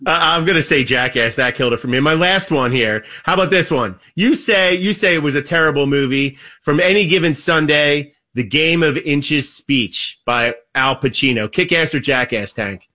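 A man hosts a casual podcast segment and calls on each panelist in turn. His voice is bright and sits a little high. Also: normal speed, hardly any pauses. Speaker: podcast host. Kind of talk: casual chat.

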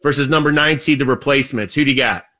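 A man's voice: mid-range voice, fast talker, bright, forceful tone. A man hosting a casual sports-movie podcast segment, calling on each panelist in turn. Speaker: podcast host. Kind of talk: casual chat.

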